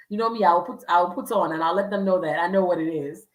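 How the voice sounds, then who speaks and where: A woman's voice: fairly low pitch, quick pace, hardly any pauses, far from the mic. Chatty woman vlogger in a roomy space. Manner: chatty, acts out quoted voices, frequent fillers. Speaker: travel vlogger. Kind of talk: casual advice vlog.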